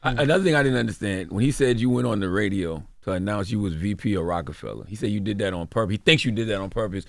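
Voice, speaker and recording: A man's voice: lowish voice, fast talker, creaky, hardly any pauses, dry recording, clean studio sound. A man hosting a radio interview, pressing the guest with questions and recalling past events. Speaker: radio host. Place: radio studio.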